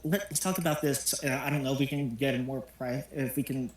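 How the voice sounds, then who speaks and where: A man's voice: mid-range voice, brisk, lightly acted. A man voicing a flustered young magical girl who stammers, in an echoey room.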